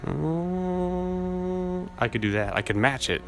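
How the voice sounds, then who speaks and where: A man with a naturally low voice hosting a casual solo podcast, rambling and laid-back, swearing often. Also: fairly even intonation, fast talker, pushed and bright, soft background music. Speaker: podcast host. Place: outdoors in a city, weed whacker nearby.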